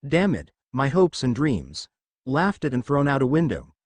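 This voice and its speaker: A man's voice: mid-range voice, huge pitch swings, moderate pace, darkish tone, breathy edge, dry recording. A man voicing a timid, bullied teenage boy who mutters bitterly to himself in a storybook reading. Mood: bitter, muttering.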